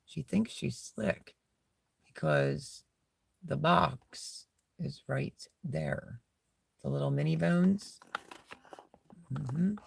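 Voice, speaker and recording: A woman's voice: deep voice, very slow, creaky, pauses often, husky, dry recording. A middle-aged woman chatting casually on a live stream from a small camping setup, rambling and talking to her dog between thoughts.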